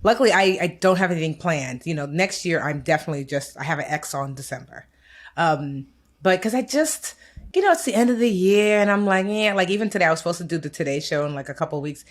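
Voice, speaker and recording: A woman with a fairly low, animated voice talks fast, co-hosting a casual podcast in an American accent. She sounds candid, tired, and reflective as she speaks a bit wearily about the year.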